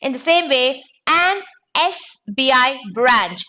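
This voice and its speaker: A woman teaching an exam-prep grammar lesson, repeating each sound slowly to drill it. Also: high voice, sing-song, bright, forceful tone. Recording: dull lo-fi audio.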